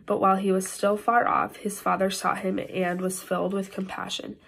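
A woman with an Upper Midwest American accent reads scripture aloud for a worship service. Her voice is gravelly, with a husky edge, and she sometimes trips over a word and starts it again. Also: medium pitch, flat delivery, moderate pace, a bit bright. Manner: careful reading with frequent slips and restarts. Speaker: scripture reader.

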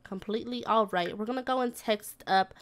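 A woman's voice: mid-range voice, a little fast, faint music behind. A woman giving casual, slangy gameplay commentary, talking to her game characters like a mom scolding and cooing at her kids. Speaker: gaming video creator.

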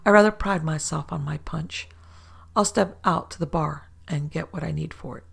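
A woman reads as a dapper, sly gentleman storyteller in a storybook, calm and measured. The voice is low, gravelly and husky. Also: full character voice. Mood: smooth.

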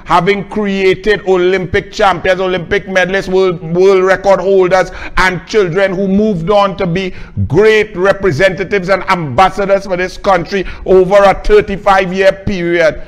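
A man's voice: sits high, level tone, normal speed, hardly any pauses, clear, resonant tone. Scornful Trinidadian man ranting. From Trinidad and Tobago. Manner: scornful, accusatory and forceful. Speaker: political commentator. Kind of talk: angry political rant.

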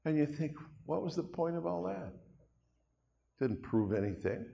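A man's voice: fairly high pitch, sing-song, moderate pace, creaky, warm tone, lo-fi sound, slight background noise. An older man preaching a sermon to a congregation in a chatty, folksy way, with asides to the listeners. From Canada. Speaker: pastor. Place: church hall. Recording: long reverb of a hall.

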